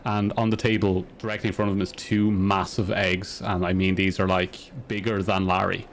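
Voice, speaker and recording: A man running a tabletop game as dungeon master, rambling with lots of fillers and quick laughs. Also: low-pitched, level tone, slight background noise.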